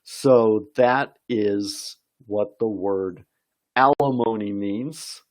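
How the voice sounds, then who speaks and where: A man's voice: fairly low pitch, very slow, a little mellow. A man teaching an English vocabulary lesson on a live stream, reading viewer comments aloud and encouraging them.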